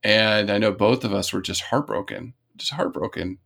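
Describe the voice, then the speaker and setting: An American man from California, a podcast guest who tells a personal story in a lively, casual way and laughs easily. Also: on the low side, moderate pace, vocal fry.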